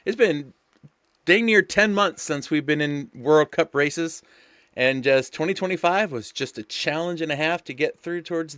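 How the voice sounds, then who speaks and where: A man's voice: a little high, bright, forceful tone, clean tone, dry recording, studio quality. A man hosting a live sim-racing stream, chatty and loose with lots of fillers, hyped up and talking to his viewers. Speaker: race host and commentator. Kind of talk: live-stream race commentary.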